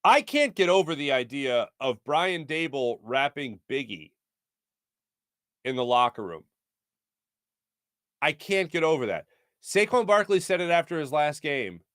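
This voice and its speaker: A man in his thirties hosts a live sports talk show and riffs on viewer comments with a jokey, animated delivery. His voice sits a little high and moves around a lot. The sound is dry and close, with no room around it. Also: unhurried, pauses often, dry recording.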